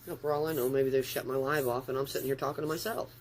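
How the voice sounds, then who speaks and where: A man's voice: mid-range voice, fairly even intonation, fast, slight background noise. A man chatting casually on a live stream from his phone at home, rambling and easily sidetracked. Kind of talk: casual livestream chat. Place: upstairs room at home.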